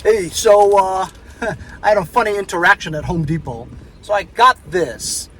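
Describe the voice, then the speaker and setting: A man's voice: sits high, normal speed, fairly bright tone, a little hiss or hum, poor audio. A man vlogging in a casual, rambling way, laughing easily as he talks through his day outdoors. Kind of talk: casual chat.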